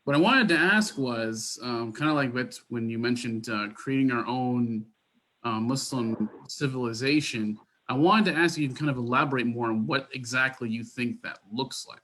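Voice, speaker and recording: A man's voice: medium pitch, normal speed, bright, forceful tone. Hesitant man asking a question, faint noise. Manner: hesitant, filler-heavy, earnest. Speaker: organization co-founder asking a question. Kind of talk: casual question on a video call.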